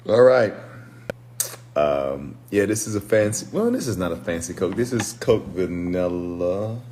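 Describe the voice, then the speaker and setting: A preacher and deliverance minister giving a reflective, unhurried livestream teaching, greeting viewers by name as he goes. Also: sits low, very animated, darkish tone, a little hiss or hum. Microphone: phone livestream.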